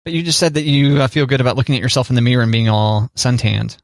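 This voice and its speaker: A man's voice: medium pitch, steady tone, quick pace, no room sound, clean studio sound. A man co-hosting a casual chat show, jokey and teasing, often asking his co-host questions. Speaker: podcast co-host.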